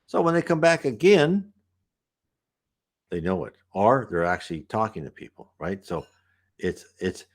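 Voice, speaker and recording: A man's voice: on the low side, very animated, unhurried, pauses often. A man talking casually and at length, explaining a spiritist book in a loose, conversational way. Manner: rambling and conversational.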